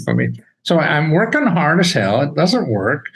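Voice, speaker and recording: An older man talking as a podcast guest, animated and laughing often, with his voice jumping high when he gets excited. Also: moderate pace, vocal fry, breathy edge, poor audio. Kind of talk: casual interview talk.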